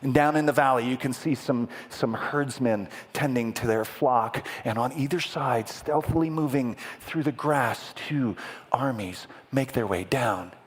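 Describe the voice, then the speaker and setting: A man preaching a sermon as vivid storytelling, dramatic and playful with the congregation, building to loud peaks and dropping to a whisper. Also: mid-range voice, unhurried, breathy edge. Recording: echoey hall with long reverb.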